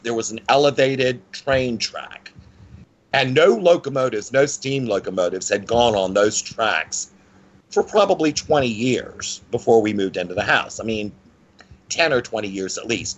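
A man telling a personal story as an interview guest, in a lively conversational way with frequent restarts. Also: measured pace, dull audio. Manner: animated, with frequent pitch swings and restarts.

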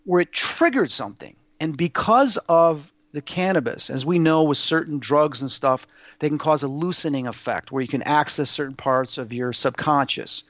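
A man's voice: a little high, normal speed, a bit bright, no echo, dull audio. A man telling personal stories in a casual interview, earnest and rambling, with many fillers and restarts. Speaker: guest sharing personal experiences. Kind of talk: casual spoken storytelling.

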